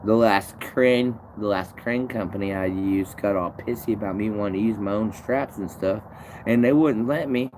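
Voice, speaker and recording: A man's voice: lowish voice, moderate pace, noisy background. A man chatting casually on a live stream, rambling and swearing freely as he answers viewers' comments. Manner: rambling, swears a lot, restarts sentences. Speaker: tree climber streaming to viewers.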